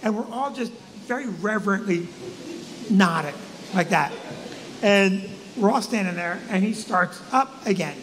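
A comedian co-hosting a live show, telling an animated, profane story and shouting his punchlines. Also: sits high, unhurried, in a large hall, a little hiss or hum. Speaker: comedian and co-host.

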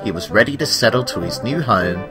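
Expressive man narrating a storybook. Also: lowish voice, fairly quick, over loud music.

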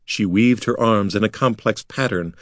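A man reading a fantasy novel aloud as an expressive audiobook narrator. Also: lowish voice, moderate pace, dry recording, clean studio sound. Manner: lively, expressive storytelling.

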